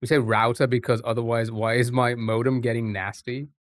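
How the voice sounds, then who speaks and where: A man's voice: medium pitch, little pitch movement, a little fast, dry recording. A young man with an English accent chats with his stream viewers, wandering off on tangents and answering them as he goes. His voice sits in a middle range. It is recorded close and dry, with no room sound behind it. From England. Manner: chatty, rambling, reacting to chat. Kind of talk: casual live-stream chat.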